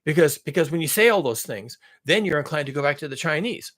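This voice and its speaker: A man giving sarcastic spoken commentary, swinging from mock-alarmed outbursts to low muttered asides and correcting himself as he rambles. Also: expressive, quick pace, hardly any pauses, fairly bright tone. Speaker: climate commentary channel host.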